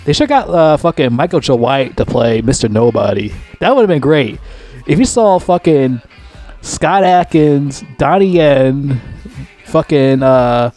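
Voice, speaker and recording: A man giving a casual, unscripted movie review, swearing constantly and rambling excitedly. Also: mid-range voice, a little slow, soft background music.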